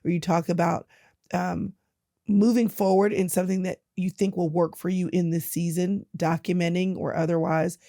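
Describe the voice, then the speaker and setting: A woman's voice: on the low side, flat delivery, normal speed, mellow, dry recording. Dry-sounding woman host. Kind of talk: casual interview chat.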